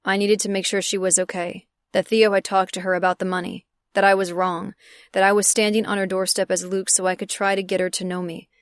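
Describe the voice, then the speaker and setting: Recorded dry and at studio quality, this audiobook narrator is a woman of medium pitch. She reads scripted first-person romance at an even, measured pace.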